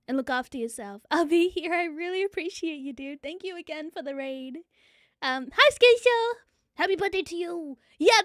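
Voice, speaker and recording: Excitable New Zealand woman streamer, high bright voice, slightly breathless, dry mic. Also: dry recording. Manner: excitable, chatty, swears freely. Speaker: VTuber streamer. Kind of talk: live stream chat.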